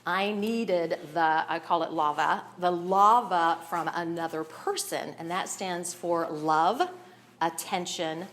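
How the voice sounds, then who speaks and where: A woman's voice: fairly low pitch, takes it slowly, a bit bright. A woman giving a personal share at a recovery meeting, nervous and emotional, often breaking into laughter as she speaks candidly.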